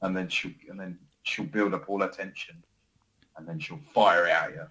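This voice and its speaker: A man co-hosting a casual podcast, telling stories with animated laughter. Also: deep voice, normal speed, low-quality recording. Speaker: podcast co-host. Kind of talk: casual chat.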